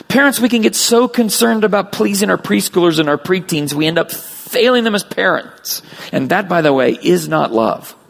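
A middle-aged man preaching a sermon as pastor, lively and dramatic, with a gravelly, husky voice. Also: high voice, normal speed. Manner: animated preaching with acted voices of children.

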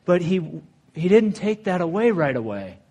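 A man's voice: sits high, big pitch swings, normal speed, warm tone. A married man preaching a sermon in a church, earnest and conversational, reading scripture aloud. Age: adult, married. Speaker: pastor.

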